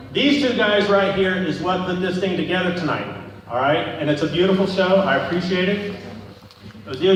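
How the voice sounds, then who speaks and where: A bit bright and high-voiced, a man performs stand-up for a live audience, rambling through a profane story. The recording, made from far away in an echoey event hall at a live show, has a little hiss or hum.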